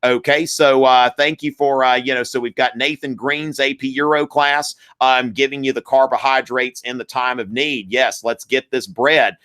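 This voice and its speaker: A man hosting a live history review, lecturing in a conversational way with many fillers and shoutouts to viewers. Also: mid-range voice, steady tone, normal speed, few pauses, clear, resonant tone.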